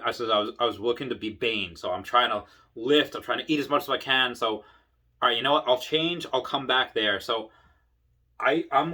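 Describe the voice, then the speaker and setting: A tipsy man telling long, winding stories about his time in the service, swearing freely. He slips into other people's voices and shouts their lines now and then. His speech wanders and restarts as he goes. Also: medium pitch, breathy edge. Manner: rambling, profane, acts out voices in bursts. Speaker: Air Force veteran telling stories. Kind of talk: casual storytelling to camera.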